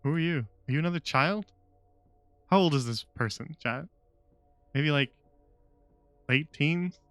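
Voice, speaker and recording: A man's voice: on the high side, measured pace, a bit bright, smooth, dry recording, soft background music. A man streaming a game live, with sarcastic, joking commentary and frequent laughs.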